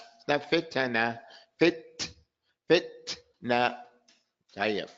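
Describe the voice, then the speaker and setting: A man's voice: on the high side, lively intonation, a little slow, fairly bright tone. Man, tajweed teacher, drills example words, dull lo-fi audio. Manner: drills pronunciation with repeated examples and quiz questions. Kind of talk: live online lesson.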